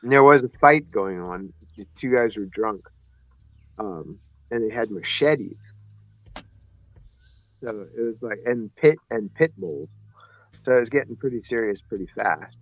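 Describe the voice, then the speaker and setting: A man with a lowish, animated voice tells a personal story on a podcast at a measured pace, pausing often. He rambles, corrects himself, and acts out voices in his stories, and the audio is dry, slightly muffled, with no echo.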